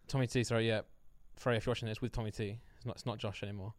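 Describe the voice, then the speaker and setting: A man co-hosting a podcast, chatting casually and joking with quick laughs. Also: lowish voice, fairly even intonation, dry recording, clean studio sound. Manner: fast, jokey, laughs often. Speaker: podcast co-host. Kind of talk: casual chat.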